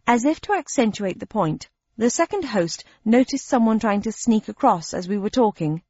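Woman, audiobook narrator, expressive first-person reading, dull lo-fi tone. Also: fairly high pitch, moderate pace, breathy edge, no room sound.

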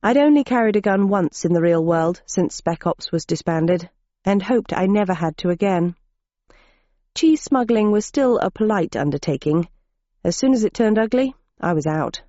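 A woman's voice: on the low side, normal speed, mellow, no room sound. A woman narrating an audiobook in first person, with dry, wry storytelling on a dull lo-fi recording.

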